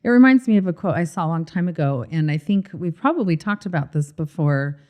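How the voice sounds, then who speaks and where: A woman co-hosting a marriage coaching podcast, telling stories in an expressive, animated way. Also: fairly low pitch, fairly quick. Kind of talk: casual podcast conversation.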